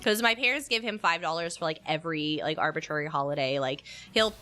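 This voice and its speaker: A young adult woman chatting casually on a stream, telling animated stories and laughing often. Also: low-pitched, fast talker, soft background music. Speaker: streamer co-host. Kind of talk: casual chat.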